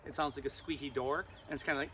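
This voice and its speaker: A man's voice: a little high, steady tone, very fast, a bit bright, a little hiss or hum. Playful man presenting a live animal show. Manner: playful, joking with the kids.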